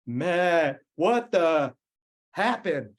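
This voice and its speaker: A man's voice: on the high side, a little slow, a little mellow, close to an everyday voice. A man imitating a laid-back male California surfer coach with a drawling, slangy way of talking. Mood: exasperated.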